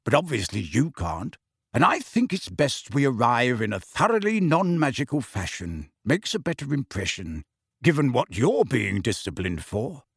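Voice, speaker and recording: A man reading an audiobook voices a kind, cheerful middle-aged father who speaks slowly and bracingly. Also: medium pitch, big pitch swings, breathy edge, no room sound, studio quality. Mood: calm.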